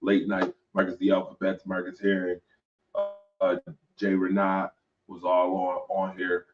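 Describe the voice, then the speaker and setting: Deep-voiced man on distant, dull audio. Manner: laid-back, laughing, teasing. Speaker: show host. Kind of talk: casual sports talk.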